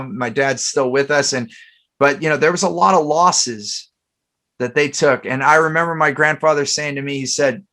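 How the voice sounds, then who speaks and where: A man's voice: fairly high pitch, sharp tone. A man hosting a casual podcast chat, telling stories in a rambling way with many fillers and restarts. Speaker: podcast host.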